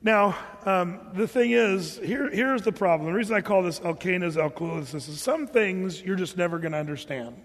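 A man preaches with a relaxed, joking delivery, pausing for asides to the congregation. His voice sits fairly high for a man. The sound rings with a long reverb, like a big hall. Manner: humorous, conversational preaching with quoted asides. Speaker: pastor. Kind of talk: sermon.

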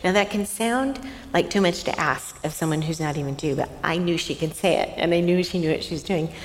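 A middle-aged woman with a lowish voice tells a family story on a faith-based talk show. She laughs often and turns soft and hushed when she quotes someone. Her voice carries a long reverb from the room, with a faint hiss underneath. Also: brisk.

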